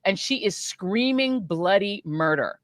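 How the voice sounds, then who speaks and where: A woman's voice: medium pitch, lively intonation, a little slow, no echo. A middle-aged woman hosting a podcast, telling a story casually and animatedly, often laughing and acting out voices. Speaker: podcast host.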